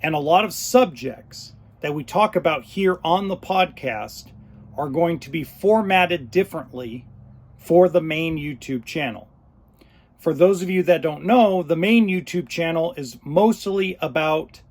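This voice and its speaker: A man hosting his own podcast, talking unscripted, choked up and pausing often. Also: fairly high pitch, darkish tone. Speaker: podcast host. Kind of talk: unscripted solo podcast talk.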